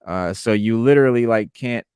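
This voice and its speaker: A man's voice: on the low side, moderate pace, darkish tone, clean tone, no room sound. A man hosting a casual podcast, mixing loose, rambling chat full of filler words with bits of read-out commentary. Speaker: podcast host.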